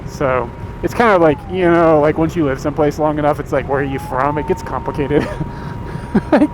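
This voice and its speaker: Driving down a road, this American livestream host in his thirties keeps up an easygoing, meandering chat with the people watching his stream. He talks at normal speed in a fairly high voice, and background noise can be heard.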